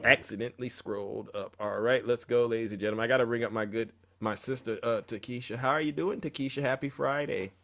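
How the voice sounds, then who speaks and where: A man's voice: mid-range voice, fast, hardly any pauses, fairly bright tone. A man hosting a casual livestream call-in show, teasing and bantering with callers.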